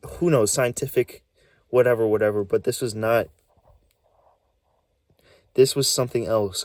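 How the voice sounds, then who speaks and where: A man's voice: medium pitch, a little mellow, dry recording. A man vlogging about a strange experience, talking nervously and stammering, restarting words, his voice swinging up and down. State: nervous and shaky. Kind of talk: rambling casual vlog.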